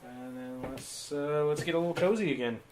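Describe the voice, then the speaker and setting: A man's voice: a little high, brisk, slight background noise. Rambling, self-mocking man on a live stream. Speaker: podcast co-host. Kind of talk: casual live-stream chat.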